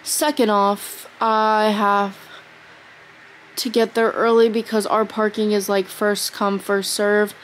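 A teenage girl talks into her phone camera at home, rambling through her thoughts with plenty of "like" and "literally". She sounds worn out and drowsy, her voice sitting at an ordinary pitch. A faint hum of room ambience sits underneath. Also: flat delivery, takes it slowly, poor audio. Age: teens. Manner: rambling, tired, filler-heavy talk. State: exhausted. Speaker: vlogger. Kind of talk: casual vlog chat.

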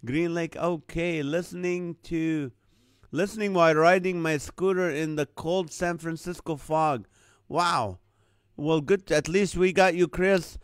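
A man's voice: a little high, unhurried, smooth, no echo. A man hosting a live comedy stream, chatting casually, reading viewer comments and chuckling often at the wordplay. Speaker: host of a live comedy show.

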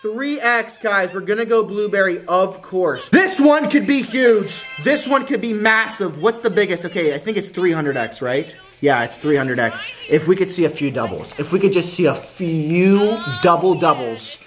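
Man, gambling streamer, pleading chants, sudden shouting, faint music behind. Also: high voice, moderate pace, few pauses. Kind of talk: excited live casino commentary.

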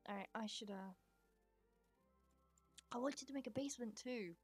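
A woman casually commenting while she streams a life-sim game, chatty and sweary, talking to her characters and breaking into excited squeals. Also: on the high side, normal speed, breathy edge, faint music behind. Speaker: live streamer.

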